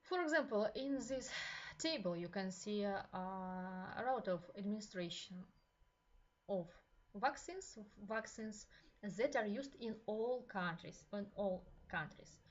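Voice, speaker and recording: A woman with a Russian accent giving a university lecture in slow, halting speech, with many fillers and repeated phrases. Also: medium pitch, lively intonation, dull audio.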